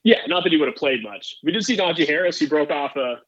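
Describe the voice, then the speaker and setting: A man's voice: fairly high pitch, expressive, fast talker, fairly bright tone, no echo, lo-fi sound. A man co-hosting a podcast, talking football in a loose, rambling way. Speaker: podcast co-host. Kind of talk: casual sports chat.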